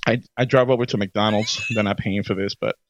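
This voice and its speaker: Casual podcast co-host, male, lively storyteller, muffled lo-fi sound. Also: on the low side, brisk, no room sound. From Florida. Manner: animated storyteller, laughs often. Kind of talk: casual chat.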